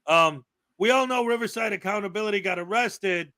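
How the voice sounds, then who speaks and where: A man hosting a casual livestream commentary show, his voice high and bright. He talks loosely, with plenty of fillers and easy laughter. The sound is dry and close. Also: brisk, no room sound. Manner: chatty, with frequent fillers and laughter. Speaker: livestream host.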